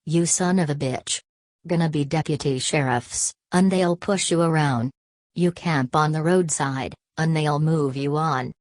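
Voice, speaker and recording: A woman's voice: low-pitched, darkish tone, dry recording. A woman reading the part of a weary migrant father who speaks in a plain, bitter drawl, in an audiobook.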